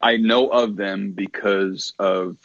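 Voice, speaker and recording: A man's voice: on the low side, steady tone, slow, no room sound, dull audio. A man co-hosting a radio talk show, chatting about music in a thoughtful, rambling way with many restarts. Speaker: radio co-host.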